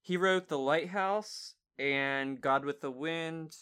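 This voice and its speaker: A man in his twenties hosting a podcast, chatting casually in a relaxed way about a series he reviews. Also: fairly high pitch, takes it slowly, clear, resonant tone. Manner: relaxed, chatty, trails off and restarts. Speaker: podcast host.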